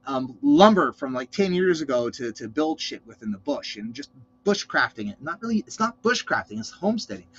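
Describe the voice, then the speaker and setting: Rambling, swearing man with a husky voice. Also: fairly high pitch, a bit bright. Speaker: vlog host. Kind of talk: casual reaction commentary. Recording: lo-fi dull sound.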